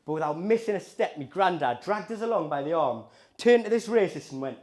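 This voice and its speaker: A male stand-up comedian with a Geordie accent works the audience in a chatty, provocative manner. His voice sits fairly high and moves animatedly up and down. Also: fairly quick. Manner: lively, provocative, conversational.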